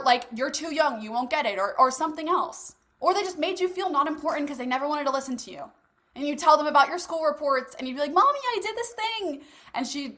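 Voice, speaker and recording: A young woman with a high, bright voice hosts a live masterclass, leading a motivational group coaching session. She speaks casually and bluntly, swears without fuss, and addresses her listeners like friends.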